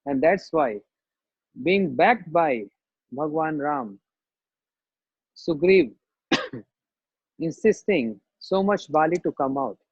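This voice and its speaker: Man, sermon storytelling, slow and husky, muffled dry recording. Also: fairly high pitch, expressive, no echo. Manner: slow, acts out the story's voices. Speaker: spiritual teacher.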